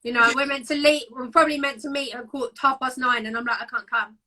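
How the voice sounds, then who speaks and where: A woman's voice: high voice, fairly even intonation, quick pace, sharp tone. A young woman guest chatting on a live stream, telling stories about herself with self-mocking humour. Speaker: guest, fitness competitor. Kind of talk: casual chat. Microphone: phone, live stream.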